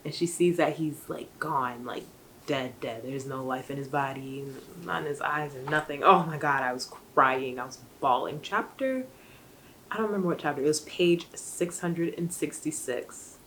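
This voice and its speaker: A woman's voice: low voice, moderate pace, fairly bright tone, poor audio. A young woman, recapping a book in a loose, rambling vlog. She talks casually with plenty of fillers, and a faint hum of room noise sits behind her. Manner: rambling, chatty, many fillers. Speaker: book vlogger.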